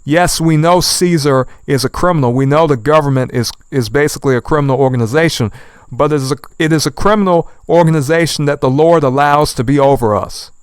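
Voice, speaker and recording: A man's voice: fairly high pitch, brisk, clear, resonant tone, no room sound. A man giving outspoken online commentary, indignant and scolding, repeating phrases for emphasis. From United States.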